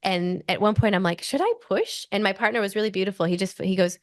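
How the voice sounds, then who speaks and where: A woman in her forties with an Australian accent, a podcast guest telling a personal story in an animated way, full of "like" fillers. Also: mid-range voice, fast, dry recording, studio quality. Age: 40s.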